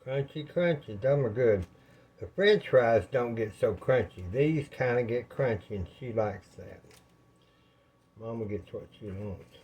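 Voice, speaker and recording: A home cooking vlogger, a man with a mid-range, slightly mellow voice, talks animatedly and a little slowly, sounding out of breath. He chats to viewers in a folksy, rambling way while cooking in his home kitchen, and the recording has its highs cut off.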